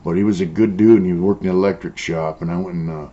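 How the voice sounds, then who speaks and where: This low, warm male voice keeps a fairly even intonation and moves fast. He's an older former prisoner from San Diego, Southern California, casually recounting prison tales with profanity, bluntness, and constant "uh" and "you know" fillers, captured in dull lo-fi sound.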